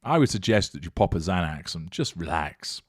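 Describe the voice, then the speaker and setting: A man with a British accent, hosting a channel and answering viewer comments in a mocking, deliberate way. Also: low voice, expressive, husky, no echo, clean studio sound. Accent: British English. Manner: sardonic, mocking, deliberate and measured.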